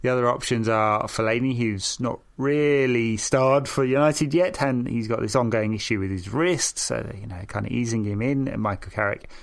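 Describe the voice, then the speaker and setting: A man's voice: medium pitch, normal speed, creaky, few pauses. A man co-hosting a podcast in casual football chat, with dry, teasing humor. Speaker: podcast co-host.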